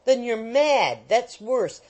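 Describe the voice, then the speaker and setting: A woman voicing a hot-tempered old country gentleman who barks out orders in a raised voice. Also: on the high side, lively intonation, slow, voice pushed up, rough recording. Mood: furious. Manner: blustering, shouting orders.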